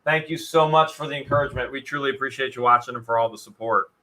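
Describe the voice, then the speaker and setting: A man's voice: mid-range voice, fast, sharp tone, rough recording. A middle-aged man hosting a live online auction stream, joking and reading viewer comments aloud. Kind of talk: casual live-stream chat.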